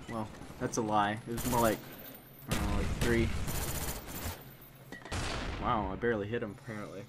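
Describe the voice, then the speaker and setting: A man's voice: fairly low pitch, little pitch movement, moderate pace, pauses often, background noise. Young man muttering over game gunfire. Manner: reactive, muttering, repeats himself. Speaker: gaming commentator. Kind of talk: live gameplay commentary. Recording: game gunfire loud behind voice. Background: game gunfire and explosions.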